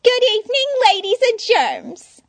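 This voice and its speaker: A woman voicing a bubbly, unhinged young female villain with a squeaky, singsong, showy delivery. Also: very animated, measured pace, no room sound, exaggerated voice. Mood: manic showy.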